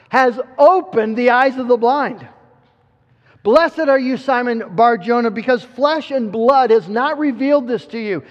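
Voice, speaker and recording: A man delivers a sermon in a strikingly high voice, earnest and emphatic, stumbling and repeating words as he builds each point. The sound is dull and muffled. A long reverb trails his voice through a large hall. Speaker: preacher.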